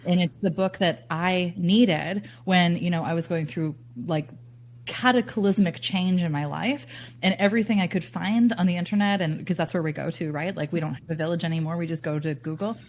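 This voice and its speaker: A woman's voice: on the low side, steady tone, normal speed, slight background noise. A woman relationship coach and author being interviewed, speaking earnestly and candidly with some casual swearing.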